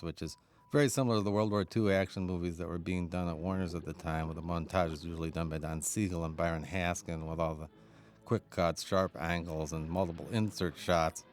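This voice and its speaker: A man's voice: low voice, steady tone, fairly quick. A man giving a chatty DVD audio commentary as a film historian, chuckling often as he explains. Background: faint cartoon soundtrack.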